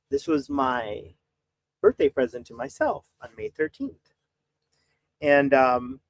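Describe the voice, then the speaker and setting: A man in his forties, a priest talking on a live stream, exasperated and preachy as he urges his viewers. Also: on the high side. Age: 40s. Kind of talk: impassioned live-stream talk.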